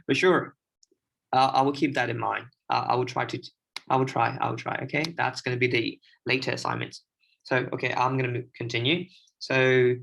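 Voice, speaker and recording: Gravelly-voiced young man, halting speech. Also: mid-range voice, steady tone, a bit bright, low-quality recording. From Myanmar. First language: Burmese. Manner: hesitant, many restarts and fillers. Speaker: language learner sharing tips. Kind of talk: casual livestream talk.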